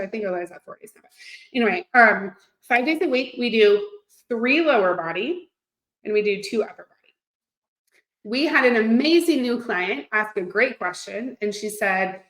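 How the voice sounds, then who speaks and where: A woman in her thirties, a fitness coach, talking to her live audience in a gushing, excitable, chatty way. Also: mid-range voice. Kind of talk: live-streamed coaching talk. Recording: echoey room.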